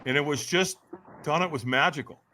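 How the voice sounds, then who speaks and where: A man in his sixties, appearing as a podcast guest, tells his personal story with animation and acts out voices. His voice runs on the high side, and he speaks fairly quickly.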